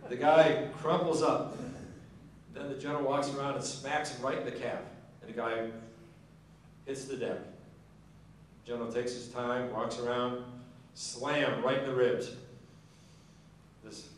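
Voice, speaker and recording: A man with a mid-range voice tells folksy jokes and stories after dinner, acting out the characters in different voices. He speaks a little slowly with fairly even intonation and long pauses. He's picked up from a distance in a large, echoing banquet hall, with slight background noise.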